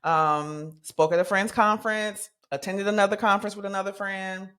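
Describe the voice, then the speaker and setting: 40ish woman podcast host just chatting, animated, lots of slang, normal mid-pitch voice. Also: moderate pace. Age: 40s. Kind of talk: casual podcast monologue.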